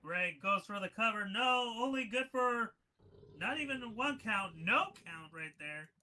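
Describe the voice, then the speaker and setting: A man calling a wrestling match play-by-play, who laughs and breaks into shouts at the big moves and chats loosely between them. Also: high voice, animated, a little slow, low-quality recording. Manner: chatty, many fillers and restarts. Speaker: wrestling commentator. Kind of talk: live play-by-play commentary.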